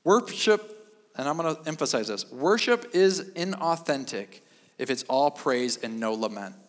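Middle-aged male pastor, dry deadpan delivery, repeats key lines for emphasis, mid-pitched voice, sermon echoing through a long-reverb hall. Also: unhurried. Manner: deadpan, self-mocking humor with emphatic repetition.

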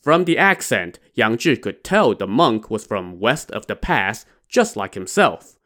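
A man's voice: lowish voice, very animated, a little slow, fairly bright tone. A man casually retelling a classic adventure novel, dropping in wry, irreverent asides. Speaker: storyteller.

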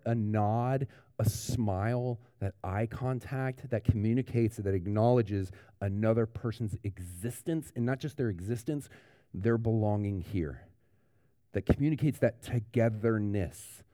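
A male pastor delivering a sermon in a relaxed, conversational style, often restarting his sentences. His voice has a mellow, warm tone. The sound is close and dry, with little room around it. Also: mid-range voice, no echo. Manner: conversational preaching with fillers and restarts.

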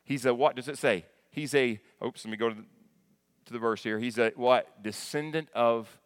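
A man preaching a sermon. He teaches in a conversational way, restarts his phrases often, asks the congregation questions and builds up to loud, emphatic peaks. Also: mid-range voice, moderate pace, smooth, no room sound, studio quality. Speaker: pastor.

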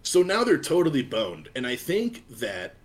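A man hosting a casual podcast chat, talking in an excited, gushing way. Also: a little high, normal speed, over a noisy crowd. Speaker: podcast host.

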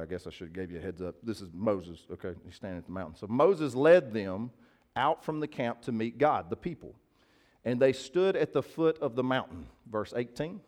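A male preacher talks to his congregation in a loose, conversational sermon. His pitch sits in the middle range for a man, and he keeps checking in with the listeners in a folksy way. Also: a little mellow. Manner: conversational, folksy, asks the crowd to agree.

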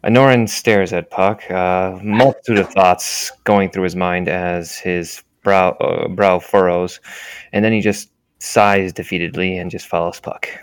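A deep-voiced man playing a tabletop game. He narrates his character's reactions wryly. The sound is dry and close. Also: fairly even intonation, unhurried, smooth, no room sound. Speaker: player.

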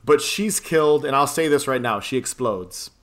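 A man's voice: mid-range voice, lively intonation, moderate pace. A man casually recapping a film plot on a podcast, rambling, swearing and laughing often. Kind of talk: casual chat.

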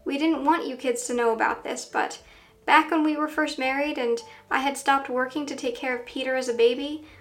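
A woman's voice: high-pitched, fairly even intonation, a little fast. A woman voicing a worried middle-aged mother whose talk turns serious and confessional. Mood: grave. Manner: soft, then serious and confessional.

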